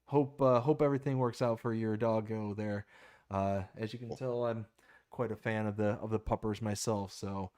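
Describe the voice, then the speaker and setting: A man's voice: lowish voice, steady tone, normal speed, darkish tone. A man hosting a live stream in casual chat, reading viewer comments aloud and laughing easily. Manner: easygoing, laughs often, reads chat aloud.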